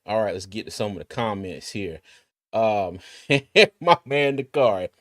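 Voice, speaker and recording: A man's voice: fairly low pitch, lively intonation, moderate pace. A man hosting a casual sports live stream, laid-back and chatty, with many fillers and restarts. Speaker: sports podcast host.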